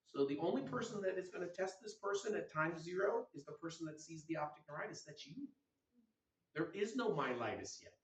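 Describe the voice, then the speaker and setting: A middle-aged man with a slightly raised pitch gives an energetic, teasing medical lecture and keeps throwing questions at his audience. He is picked up from across a large, echoey hall, and the sound is muffled and dull. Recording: echoey hall recorded from a distance.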